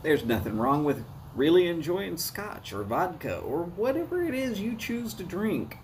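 A man's voice: high-pitched, big pitch swings, measured pace, slight background noise. A man with a Southern US accent hosting a live cigar review, chatting to viewers in a folksy way. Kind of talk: casual live-stream talk.

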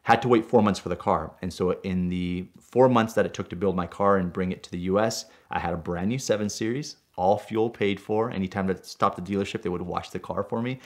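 A man from Puerto Rico telling a car story in an animated way, with loud bursts when he relives his anger. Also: sits low, brisk, few pauses. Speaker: storyteller guest.

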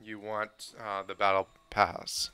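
Male co-host, bright, smooth voice, relaxed, hesitant. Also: on the low side, slow. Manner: relaxed, hesitant with many fillers. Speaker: co-host reading chat. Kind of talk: casual chat.

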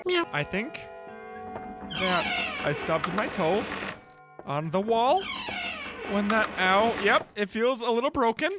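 A man's voice: high-pitched, huge pitch swings, takes it slowly, pauses often, loud music behind the voice. A man doing horror game commentary, jumpy, screaming and laughing nervously. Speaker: gameplay video host.

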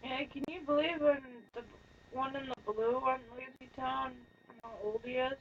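A woman's voice: high voice, fairly even intonation, normal speed, dull audio, slight background noise. A woman co-streamer in casual chat, mostly giving short, agreeable replies.

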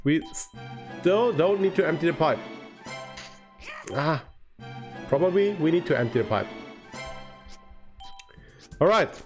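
Excitable streamer guy, kinda high voice, quiet game music behind. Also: slow pace, pauses often. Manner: excitable, swings from groaning to cheering. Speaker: livestreamer. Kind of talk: live gameplay commentary.

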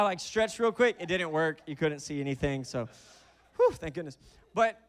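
A young man preaching from a church stage with a high, lively voice. He keeps it conversational and animated, slipping into quick bits of acted-out dialogue. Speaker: pastor. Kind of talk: sermon. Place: church auditorium.

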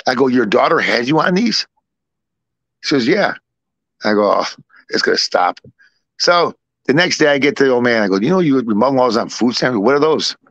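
A man's voice: medium pitch, expressive, fairly quick, fairly bright tone, dry recording, dull audio. Chatty man with a dry close sound. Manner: rambling, repeats himself, acts out both sides of dialogue. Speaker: podcast co-host. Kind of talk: casual storytelling.

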